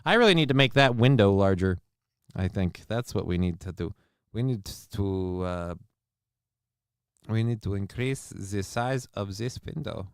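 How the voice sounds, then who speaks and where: A man's voice: fairly low pitch, measured pace, clean tone, dry recording, clean studio sound. A man hosting a casual livestream show, rambling with many fillers and crude jokes as he reads the chat. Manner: gets loud and excited over news figures.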